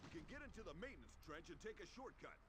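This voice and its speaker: An actor playing an ancient Greek soldier ally in a video game, delivering battle lines from a distance. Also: male voice, high-pitched, very animated, fast talker, a bit bright. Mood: urgent. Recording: faint game audio under commentary.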